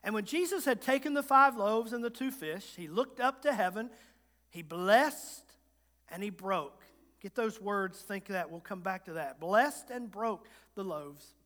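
A man's voice: sits high, fairly bright tone. A man with a Southern Virginia accent preaching a sermon, folksy and humorous, building to emphatic repetition. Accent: Southern American, Virginia. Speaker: guest preacher. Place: church sanctuary. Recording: long reverb of a church hall.

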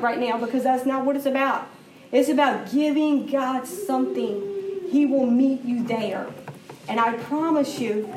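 Middle-aged woman, church teacher, earnest chatty delivery, fairly high voice, distant mic, echo and room noise. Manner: earnest, conversational, emphatic. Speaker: women's class teacher.

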